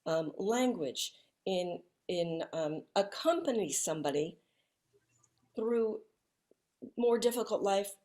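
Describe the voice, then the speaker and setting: A woman speaking as a guest in an interview, talking softly and reflectively with many restarts, over a video call. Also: medium pitch, lively intonation. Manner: soft-spoken, halting, with frequent restarts.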